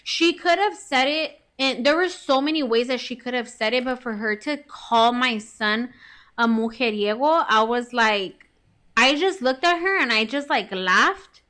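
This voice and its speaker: Co-host type, woman in her thirties, bright and fairly high, rambling storyteller who swears a lot. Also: lively intonation, a little slow. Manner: chatty, says "like" constantly, swears, acts out quoted lines. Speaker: podcast co-host. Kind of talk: casual storytelling chat.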